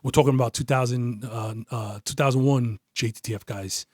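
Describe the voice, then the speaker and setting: A man, a retired detective as a podcast guest, telling a story in a casual, profane, animated way. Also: medium pitch, brisk, no echo, studio quality. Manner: profane, animated, acts out quoted voices.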